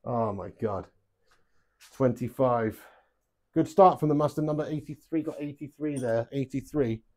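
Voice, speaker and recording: A man's voice: mid-range voice, normal speed, mellow. A young man hosting a live darts stream, chatty and joking, swearing freely and calling viewers lad and mate. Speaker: live stream host playing webcam darts. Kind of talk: casual live-stream chat.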